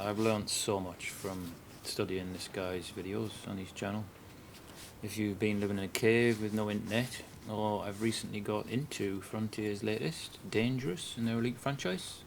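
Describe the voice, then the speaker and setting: Hesitant northern English man, low voice. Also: a little hiss or hum. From northern England. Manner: hesitant, with many ums and uhs. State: a bit nervous. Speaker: video game guide maker. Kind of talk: casual first-time commentary.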